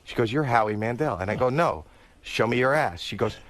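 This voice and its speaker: A male comedian telling a comic story, dropping his voice low for quoted lines and squealing when excited. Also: brisk, no room sound. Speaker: guest comedian.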